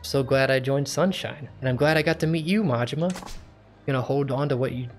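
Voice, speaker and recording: A man reads out a young woman from a game, earnest and apologetic in tone. The delivery stays close to an everyday mid-pitched voice. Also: fairly quick, soft background music, natural voice. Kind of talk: reading game dialogue aloud.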